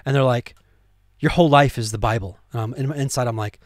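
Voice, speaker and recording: A man leading a casual Bible study, talking conversationally with many fillers and restarts, and getting excited at times. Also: medium pitch, brisk, no echo, clean studio sound.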